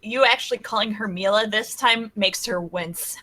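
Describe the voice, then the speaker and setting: Bright-voiced woman narrating a game. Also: mid-range voice, normal speed. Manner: casual, amused. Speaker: player. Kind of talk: tabletop role-play narration.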